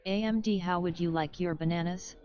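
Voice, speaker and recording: Flat synthetic woman's chat-reading voice. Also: lowish voice, brisk, slight background noise. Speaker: chat message reader. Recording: dull lo-fi text-to-speech audio.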